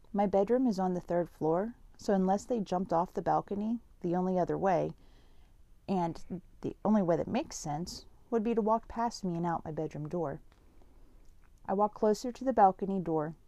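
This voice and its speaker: Low-voiced woman reading a story. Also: moderate pace, dark tone, dry recording, dull audio. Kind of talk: first-person story reading.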